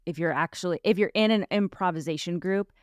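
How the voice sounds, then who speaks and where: A woman's voice: lowish voice, fairly quick, no room sound, studio quality. A woman podcast host and life coach in a casual chat, telling personal stories in a candid, reflective way with frequent restarts.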